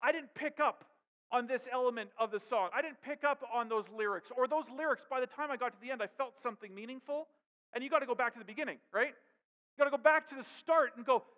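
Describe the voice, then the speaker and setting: A man preaching a sermon as pastor, with emphatic rhetorical questions. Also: very high voice. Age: adult with young daughters. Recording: dull sound with long hall reverb.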